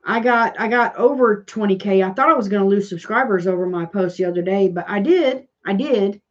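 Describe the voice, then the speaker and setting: A woman's voice: medium pitch, brisk, highs cut off. A woman with a Southern American accent hosting a casual crafting livestream, rambling and answering viewers' comments as she goes. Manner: rambling, chatty, reads and answers live comments.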